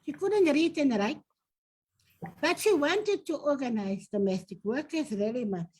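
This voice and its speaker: Her voice sitting high and her pace unhurried, an older South African woman reminisces in an interview where she is the guest. A domestic workers' union leader, she tells earnest stories from her past with animation, over poor audio.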